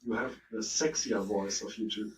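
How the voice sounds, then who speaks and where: A man's voice: on the low side, steady tone, moderate pace. A man leaving a friendly voicemail for a podcast, a little hesitant with fillers. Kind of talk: voicemail message. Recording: echoey distant voicemail with faint background hum.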